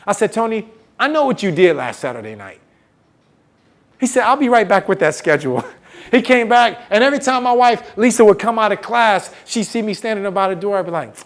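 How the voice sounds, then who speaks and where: Animated man telling a story to students. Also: high voice, brisk. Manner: animated, acts out the voices of people in his story; calls out to the audience and gets them to answer back. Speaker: motivational speaker. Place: campus event hall.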